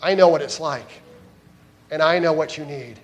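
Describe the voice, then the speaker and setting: A man preaching gives voice to a gentle, reassuring Jesus, speaking softly and tenderly in a lowered, hushed tone. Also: normal speed, lightly acted.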